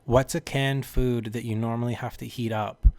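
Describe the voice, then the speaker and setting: A man's voice: mid-range voice, steady tone, moderate pace, a little mellow. A man co-hosting a podcast with his partner, talking in an easygoing, rambling way. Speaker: podcast co-host. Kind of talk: casual chat.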